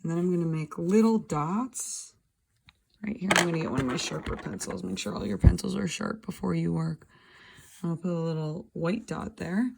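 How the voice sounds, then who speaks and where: A woman's voice: fairly low pitch, moderate pace, gravelly, background noise. A woman teaching a drawing lesson, talking through each step as she draws. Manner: talking while drawing, thinking aloud. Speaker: art teacher. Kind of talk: drawing demonstration.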